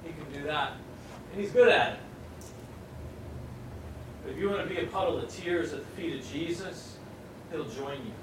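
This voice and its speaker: A man preaching in a big echoey hall, his high voice carrying from well back from the mic. He swings between loud, emphatic bursts and hushed, near-whispered lines, acting out the voices he quotes. Room noise hangs under every word. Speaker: pastor. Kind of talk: sermon. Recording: echoey hall miked from a distance, audible noise.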